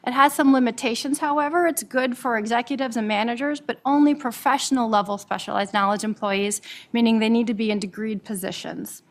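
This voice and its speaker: A woman from Nebraska, an immigration attorney, presenting a webinar quickly with frequent "um"s and repeated words. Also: on the high side. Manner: fast-talking, with frequent fillers and repeated words. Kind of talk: professional presentation.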